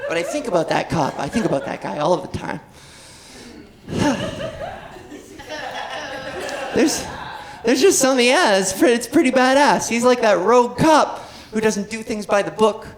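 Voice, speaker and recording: A woman's voice: fairly high pitch, big pitch swings, measured pace, pauses often. A woman in her thirties performing a stand-up comedy set on a club stage, telling rambling, playful stories. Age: 30s. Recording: noisy club with laughing crowd.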